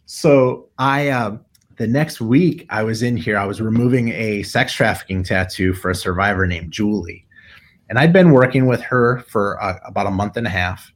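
Man, middle-aged, low-pitched, chatty, storytelling, acts out dialogue. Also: moderate pace. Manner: animated storyteller, acts out quoted voices. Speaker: guest, tattoo artist. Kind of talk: storytelling in casual conversation.

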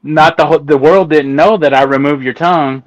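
A man's voice: a little high, steady tone, a little fast, no room sound, lo-fi sound. A man in casual podcast conversation, telling stories about his job with amusement and acting out the exchanges he quotes. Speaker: guest, embalmer and autopsy tech.

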